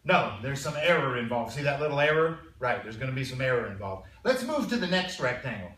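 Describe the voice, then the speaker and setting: A male math teacher lecturing a classroom in a conversational way, often clearing his throat and checking in with his students. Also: medium pitch, big pitch swings, a little fast, fairly bright tone. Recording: roomy classroom sound from a distance.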